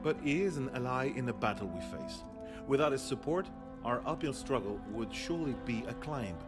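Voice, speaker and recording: An actor playing a grandiose union leader with an odd foreign-sounding accent, speechifying over game music. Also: male voice, medium pitch, expressive, a little fast, natural voice. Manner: self-important, speechifying.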